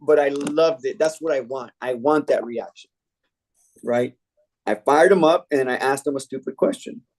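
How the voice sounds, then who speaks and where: A man's voice: medium pitch, moderate pace. Man coaching a sales team. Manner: energetic storytelling, acting out customer quotes. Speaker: sales trainer. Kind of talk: team training talk.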